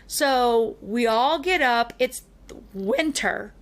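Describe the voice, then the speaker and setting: A woman hosting a podcast, telling a long personal story in an animated, chatty way with frequent fillers. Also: on the high side, extremely slow. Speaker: podcast co-host. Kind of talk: casual storytelling chat.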